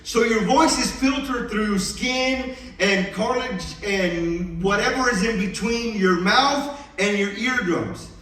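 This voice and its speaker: A pastor preaching an earnest, emphatic sermon, with a slight mumble and loose enunciation. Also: male voice, high-pitched, takes it slowly, few pauses, a bit bright. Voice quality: mumbles, does not enunciate crisply. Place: church sanctuary. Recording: very echoey hall, distant mic.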